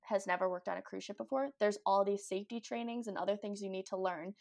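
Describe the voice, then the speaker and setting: A young woman chatting casually as a guest, upbeat and talkative. Her speech is full of "like" and little fillers, and her pitch sits in an ordinary middle range. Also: fast talker, gravelly, a little mellow. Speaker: guest, cruise ship ice skater. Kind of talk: casual interview chat.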